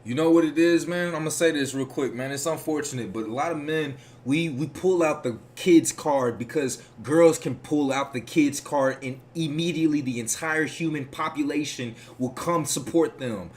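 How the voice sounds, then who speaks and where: A man delivering casual reaction commentary with a fairly high voice. He preaches and rambles, swearing freely as he lectures his audience about how to live. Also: normal speed, few pauses.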